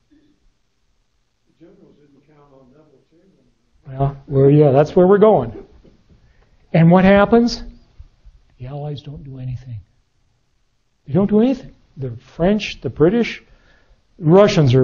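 A man's voice: fairly high pitch, dark tone, husky. A man giving a history lecture in a storytelling, conversational way, often asking his audience questions. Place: lecture room. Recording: dull lo-fi lecture recording.

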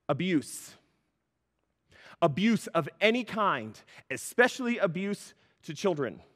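Animated man preaching in a reverberant hall. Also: high voice. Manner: animated, laughing storyteller with mock outrage. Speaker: pastor. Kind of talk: sermon.

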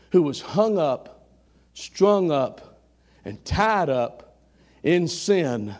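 A man's voice: a little high, sing-song, extremely slow, pauses often, a little mellow. A man preaching a sermon in a church, fervent and calling out members of the congregation by name. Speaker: pastor. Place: church sanctuary.

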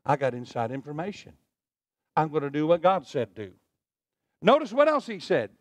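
High, lively-voiced preaching pastor. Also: male voice, brisk, no room sound. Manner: preaching with call-and-response to the congregation. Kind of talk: sermon. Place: church sanctuary.

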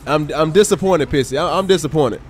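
A man's voice: on the high side, fairly quick, slight background noise. A man live-streaming a police role-play game, chatting with viewers and exclaiming at the game characters. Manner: animated, exclaiming, talks to chat and game characters. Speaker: streamer role-playing a state trooper. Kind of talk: casual live-stream gameplay chat.

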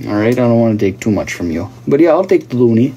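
A man's voice: mid-range voice, very animated, fast talker, warm tone, a little hiss or hum. A man hosting a casual livestream, chatting and joking with viewers as he reads their comments. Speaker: livestream host. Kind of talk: casual live chat reading viewer comments.

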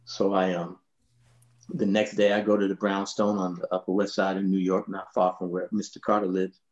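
Man, 60s, bassist raconteur, low voice, relaxed storyteller, muffled recording. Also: moderate pace. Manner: relaxed, laughing, lots of "you know". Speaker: bass player telling stories. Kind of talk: anecdotal storytelling in a panel.

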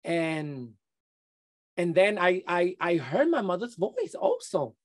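Middle-aged man, interview guest; halting testimony, lots of restarts. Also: high-pitched, very animated. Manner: halting, many restarts and repeated words.

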